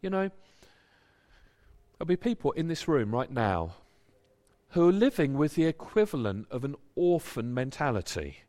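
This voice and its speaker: A man preaching a sermon and reading scripture, animated, often repeating words as he builds a point. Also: a little high, normal speed, long pauses. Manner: animated, repeats words when stirred, acts out quoted voices. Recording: long hall reverb.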